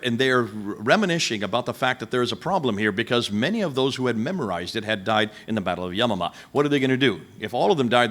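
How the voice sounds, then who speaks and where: Animated man lecturing a live audience. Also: medium pitch. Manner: animated, rhetorical, questioning the audience.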